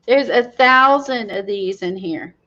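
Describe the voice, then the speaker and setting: A woman's voice: medium pitch, unhurried, pushed and bright, muffled recording. A woman hosting a craft livestream, chatting casually, laughing often and reading the live chat.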